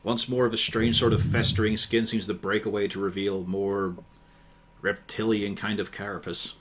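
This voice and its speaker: A man's voice: lowish voice, flat delivery, normal speed, fairly bright tone, a little hiss or hum. A man running a tabletop game as game master, describing the action with a wry, joking manner. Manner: descriptive, wry, laughs often.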